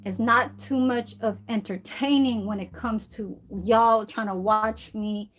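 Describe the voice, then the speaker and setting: A woman's voice: on the high side, steady tone, unhurried. Chatty woman, rambling and swearing. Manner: chatty, rambling, swears freely, keeps adding "okay?". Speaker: vlogger. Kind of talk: casual vlog chat. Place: at home, indoors. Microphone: phone camera.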